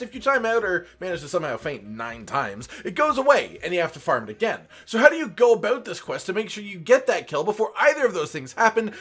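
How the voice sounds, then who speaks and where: Playful, high-voiced male game guide narrator. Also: fairly bright tone, husky. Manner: playful, sarcastic asides. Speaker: gaming channel host.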